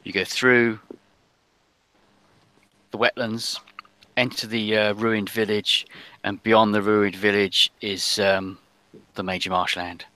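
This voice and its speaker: A man narrating as game master of a tabletop role-playing game, halting, with many fillers. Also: lowish voice, little pitch movement, sharp tone, no room sound.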